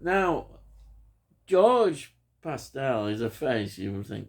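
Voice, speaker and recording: A man's voice: mid-range voice, animated, a little slow. A man, reviewing a film in a rambling, enthusiastic chat full of ums.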